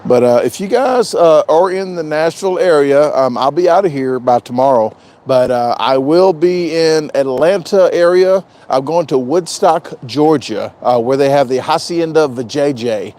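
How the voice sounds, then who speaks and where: A man's voice: a little high, moderate pace, few pauses, darkish tone. A man chatting casually on a live stream, rambling and joking, often repeating himself. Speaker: vlogger doing a live stream.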